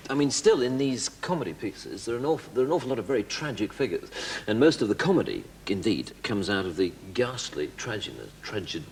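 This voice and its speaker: Low-voiced hesitant man on a chat show. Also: expressive, fast, darkish tone. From North East England. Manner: hesitant, stammering restarts, dry self-mocking. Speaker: guest comedian. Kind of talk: casual chat show interview. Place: television studio. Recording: echoey studio with faint hiss.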